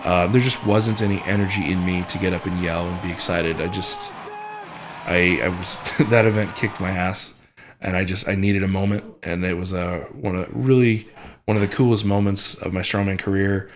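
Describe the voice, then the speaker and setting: In an emotional vlog, a young strongman athlete with a deep, low, steady voice goes over how his competition went. He's close to tears and audibly choked up, stumbling through fillers and frequent restarts.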